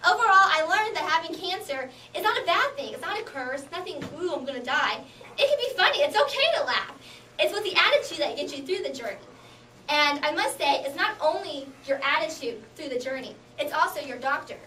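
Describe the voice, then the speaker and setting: A young woman giving a humorous contest speech, telling stories in an animated way and laughing often. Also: high-pitched, fairly quick. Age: young adult. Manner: animated storytelling with bursts of laughter. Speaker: contest speaker. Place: hall with audience. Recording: echoey hall from far off, noisy.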